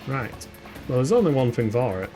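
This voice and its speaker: Warm and mid-range, the streamer's voice rises and falls dramatically at an ordinary pace while faint music plays underneath. He's an Englishman from Yorkshire giving chatty, humorous commentary on his game and answering chat.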